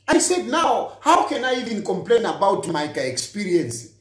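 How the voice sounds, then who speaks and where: A man's voice: sits high, big pitch swings, moderate pace, echoey room. A man, a politician, gives a heated, accusatory monologue straight at his listener and hammers his points by repeating them. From Zambia. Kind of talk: impassioned direct-address monologue.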